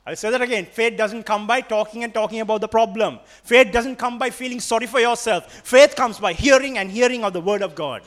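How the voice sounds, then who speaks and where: High-voiced Sri Lankan preacher. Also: male voice, brisk, few pauses, fairly bright tone. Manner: emphatic and repetitive, switching between English and Sinhala. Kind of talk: sermon.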